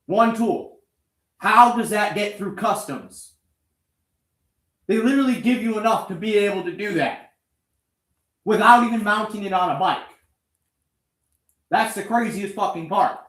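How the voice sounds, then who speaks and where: This vlogger working on his motorbike has a high voice with a fairly bright tone, a measured pace and long pauses, all in a reverberant room. Talking to the camera while he wrenches, he swears nonstop, a little breathless, angrily and sarcastically cursing an engine that won't start.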